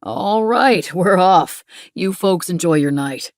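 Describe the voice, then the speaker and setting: A middle-aged American hunter who is polite yet smugly dismissive, played by a female narrator. The voice is low with a gravelly rasp, recorded in a dry, close booth. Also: lively intonation, slow pace, no room sound.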